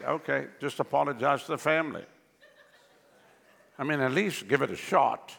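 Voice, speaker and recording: A man preaching a sermon as pastor, animated, with sweeping pitch jumps and chuckling asides. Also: brisk, gravelly, in a large hall.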